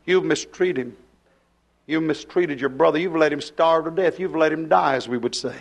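A man preaching a fiery revival sermon. He acts out dialogue in his sermon and drops to a hush at times. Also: a little high, normal speed.

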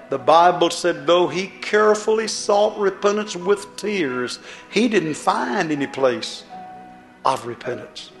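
A man's voice: high voice, animated, unhurried. Man, preacher, fiery sermon, pleading, rhetorical questions, reverberant room, faint music behind.

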